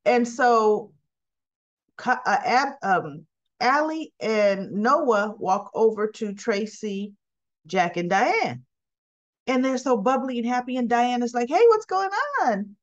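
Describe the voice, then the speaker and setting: A woman with a fairly high voice retells soap opera scenes in a casual, chatty way. She acts out the characters' lines as she goes. The recording sounds dull and lo-fi. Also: slow pace. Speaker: soap opera recap host.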